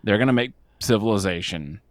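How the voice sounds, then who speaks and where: A man chats casually about a film on his podcast, with a lively, swinging voice that jumps between jokes and rants. The recording is dry and close. He strays into playful tangents and mild swearing. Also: lowish voice, fairly quick, dry recording. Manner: joking, tangent-prone, swears lightly. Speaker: podcast co-host. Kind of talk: casual movie review chat.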